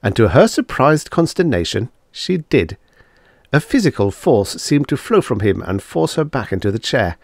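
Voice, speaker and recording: Expressive male audiobook narrator. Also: mid-range voice, normal speed, no echo. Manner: expressive storytelling reading. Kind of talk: scripted narration.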